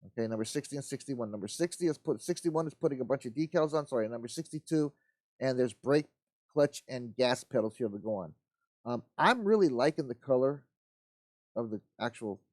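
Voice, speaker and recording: A man's voice: mid-range voice, darkish tone, no echo, clean studio sound. A man hosting a live model-building stream, chatting casually and rambling to himself as he works, in an easygoing, folksy way. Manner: rambling, talks to himself while working.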